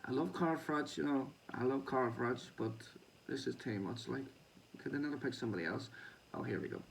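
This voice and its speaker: A man's voice: medium pitch, a little fast, vocal fry, far from the mic, a little hiss or hum, poor audio. A man hosting a boxing show, reading news aloud and breaking off into chatty, sweary asides with laughing comments.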